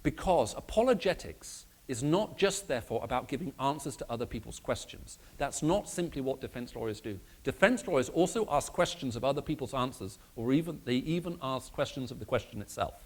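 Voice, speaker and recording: A man with a British accent, raised in the Middle East, giving a lively conversational apologetics talk in a church and questioning his audience. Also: medium pitch, a little fast, few pauses. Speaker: speaker.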